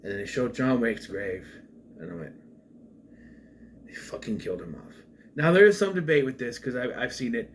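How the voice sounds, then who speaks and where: Animated rambling man reviewing a film. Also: medium pitch, slight background noise. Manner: rambling and animated, with frequent restarts and asides. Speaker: movie reviewer. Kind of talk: casual spoken film review.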